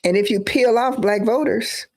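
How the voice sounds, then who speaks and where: A woman's voice: a little high, normal speed, a little mellow. A woman giving emphatic live-stream political commentary, repeating phrases for emphasis.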